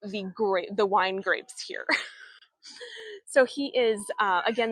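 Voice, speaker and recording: A young woman guiding a live walking tour outdoors, talking into a handheld phone, chatty and halting, with many fillers and restarts. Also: medium pitch, a bit bright, no echo. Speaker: travel vlogger and tour guide. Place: outdoors in an old town street.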